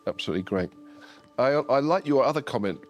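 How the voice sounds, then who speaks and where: A man, an investor on a panel, speaking in a gentle and supportive way. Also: mid-range voice, lively intonation, quick pace. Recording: light music underneath.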